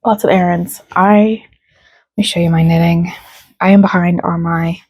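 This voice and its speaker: A woman's voice: lowish voice, fairly even intonation, unhurried, a little mellow, no echo. A young woman talking casually to her vlog camera at home, frustrated and close to tears but laughing it off. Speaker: vlogger.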